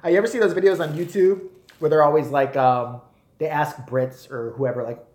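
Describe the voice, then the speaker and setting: A man's voice: fairly high pitch, brisk. A man in his forties with an American accent, ranting crudely and laughing on a casual live stream. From United States. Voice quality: profane, animated, often laughing. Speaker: livestream host. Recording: echoey room.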